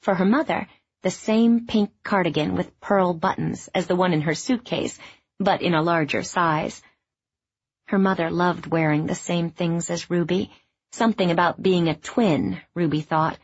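A woman reading a novel aloud in scripted narration, even and measured. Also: fairly low pitch, husky, no echo, muffled recording. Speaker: audiobook narrator.

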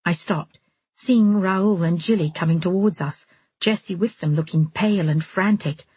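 Breathy woman narrating an audiobook. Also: fairly low pitch, moderate pace, warm tone, dry recording. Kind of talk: first-person audiobook narration.

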